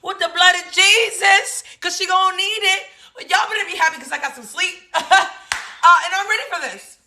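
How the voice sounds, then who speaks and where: Sassy, bright-voiced woman host in her thirties. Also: very high-pitched, normal speed. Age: 30s. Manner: animated, sassy, laughing often, exclaiming. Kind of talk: casual political commentary.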